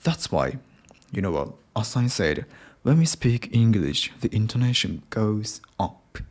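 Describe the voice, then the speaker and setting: A man's voice: lowish voice, sing-song, unhurried. A young Japanese man with a Japanese accent, hosting a casual solo podcast in English, hesitant and full of restarts. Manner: hesitant, many restarts and self-corrections. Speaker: podcast host.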